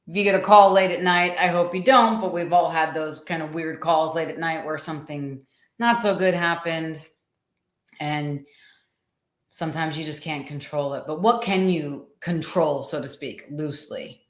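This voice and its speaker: A woman with a low, fairly even voice speaks at a moderate pace as she hosts a casual livestream. She's a coach, and she chats with viewers, greets them by name, and often repeats her words. The recording has an echoey room sound.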